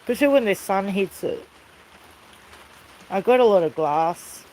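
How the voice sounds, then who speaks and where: An animated, mid-range voice with a darkish tone and moderate pace belongs to an Australian woman vlogging by an outdoor fire in the rain. Her chat is casual, rambling and easygoing, punctuated by calls to people off camera, and the low-quality recording picks up slight background noise.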